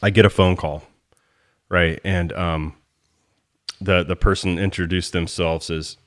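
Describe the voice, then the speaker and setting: Low-voiced man telling a fan story. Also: measured pace. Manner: animated storyteller, swears freely. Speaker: podcast host. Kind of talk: casual sports chat.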